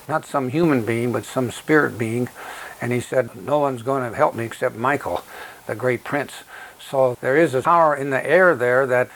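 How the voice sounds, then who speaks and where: A man's voice: medium pitch, a little hiss or hum, rough recording. Earnest male preacher giving a sermon. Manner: earnest, deliberate, emphasizes key words. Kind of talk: sermon with scripture reading.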